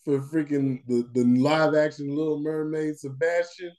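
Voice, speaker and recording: Man, podcast co-host, casual chat, slangy and animated, mellow tone. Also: a little high, normal speed. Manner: animated, slangy, laughs often.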